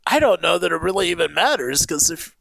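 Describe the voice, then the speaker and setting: Gravelly, bright-toned man, easygoing. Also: on the high side, sing-song, fairly quick, no echo. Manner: easygoing, chuckling, joking along. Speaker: guest co-host. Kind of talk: casual chat.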